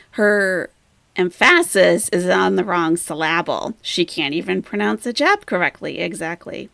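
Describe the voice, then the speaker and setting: A woman's voice: lowish voice, a little slow, vocal fry, fairly bright tone, no room sound. A woman hosting a reaction commentary, mocking the person in the clips she plays. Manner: scornful, mocking. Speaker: commentary channel host.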